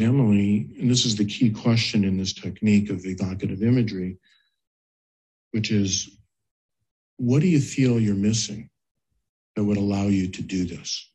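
A man with a low, slightly husky voice recounts a therapy case. He speaks calmly and unhurriedly, in the measured manner of a clinician telling a story. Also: rough recording. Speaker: guest therapist.

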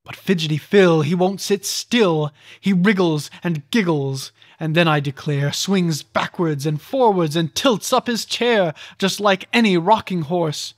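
Storybook verse narration, slow unhurried pace, theatrical, dry close mic, middle pitch. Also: no room sound. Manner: deliberate, theatrical reading with voiced characters. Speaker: audiobook reader.

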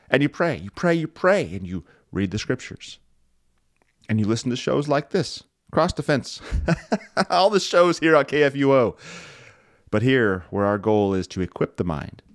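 A man's voice: medium pitch, no echo, clean studio sound. A man hosting a devotional radio show as a pastor, preaching in an emphatic voice that swells and drops for emphasis. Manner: emphatic, rising and falling with emphasis, occasional chuckles.

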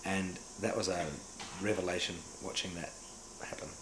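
Middle-aged New Zealand actor, fairly low voice, animated storyteller, echoey room with faint ambience. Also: male voice, normal speed, background noise. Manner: animated storyteller who acts out remembered dialogue. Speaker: actor and director interviewee. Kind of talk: casual anecdotal interview.

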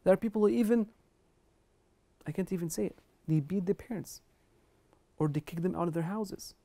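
Woman, religious lecture, emphatic, lowish voice, mellow tone. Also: normal speed. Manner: earnest, emphatic, quotes Arabic scripture and scholars. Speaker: Islamic lecturer. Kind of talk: religious lecture on kindness to parents.

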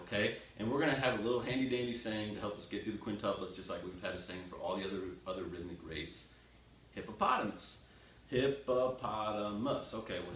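A man teaching a casual music lesson, chanting counts and rhythm words aloud and talking to the student in a joking, direct way. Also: lowish voice. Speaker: drum teacher. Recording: roomy sound from a distance with loud noise.

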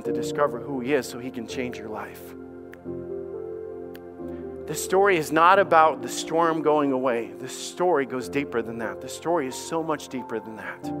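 A man preaching a sermon as pastor, impassioned, stammering over repeated words and acting out the voices of doubters. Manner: impassioned, acts out doubting voices with rising pitch.

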